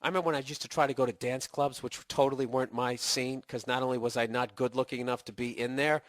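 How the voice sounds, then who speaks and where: A man's voice: medium pitch, steady tone, fast talker, no room sound. A man hosting a podcast, talking in a casual comedic rant full of profanity and sarcastic mock insults. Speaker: podcast host.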